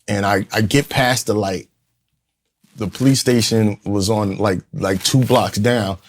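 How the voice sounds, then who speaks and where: A fairly low, steady voice, unhurried and carrying a little hiss or hum, comes from a man in his fifties who leads a community in Newark, New Jersey. Interviewed on a podcast, he tells a raw personal story bluntly and profanely, with streetwise wording and vivid impressions of those he quotes.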